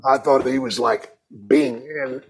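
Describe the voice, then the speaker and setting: A middle-aged podcast co-host speaking casually, with blunt, emphatic reactions. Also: male voice, mid-range voice, steady tone, measured pace, slightly rough. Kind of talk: casual chat.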